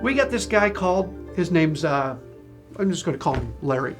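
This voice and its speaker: A man's voice: on the high side, sing-song, moderate pace. A man speaks in an interview, frustrated and impassioned, his voice rising and falling widely. Faint music sits behind him.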